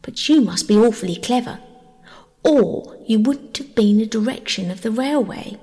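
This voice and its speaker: A woman's voice: a little high, animated, moderate pace, dark tone, natural voice. A woman voicing an earnest, polite young girl who pleads eagerly, heard in a long reverb. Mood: pleading.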